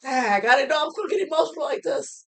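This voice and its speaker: A woman's voice: high voice, animated, fast, gravelly. A woman giving a heartfelt motivational talk to camera, earnest and preachy, repeating phrases for emphasis. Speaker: motivational speaker.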